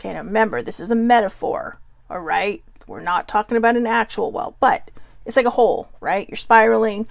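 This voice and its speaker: A woman's voice: medium pitch, brisk, gravelly, no room sound. A woman vlogger talking earnestly to viewers, telling a personal story in a heartfelt, reflective way. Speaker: mental health vlogger.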